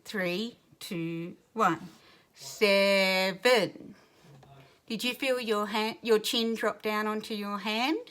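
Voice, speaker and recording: A woman teacher giving a recorded lesson to young children, speaking clearly and patiently and sounding out words. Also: medium pitch, fairly even intonation, a little slow, hardly any pauses.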